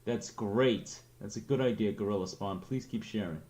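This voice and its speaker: A streamer host with a New England accent chats casually with his viewers, rambling and making self-deprecating jokes. His voice is fairly low and darkish, at a moderate pace.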